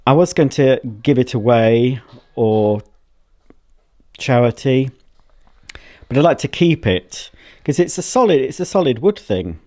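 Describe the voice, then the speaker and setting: Sex: man. Style: casual home vlog, chatty and self-mocking. Pitch: middling. Mic: handheld camera at arm's length. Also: lively intonation, a little slow, pauses often, dark tone. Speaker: vlogger. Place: at home, indoors.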